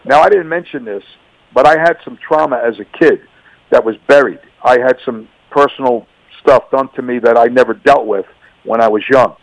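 A man's voice: medium pitch, normal speed, dry recording, rough recording. A man telling his personal faith testimony on a radio show, earnest and emphatic, often repeating words and phrases. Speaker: radio guest.

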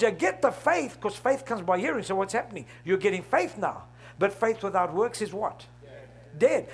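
A man's voice: high-pitched, gravelly, breathy edge. A middle-aged man preaching a sermon, asking the congregation questions and laughing along with them. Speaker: pastor.

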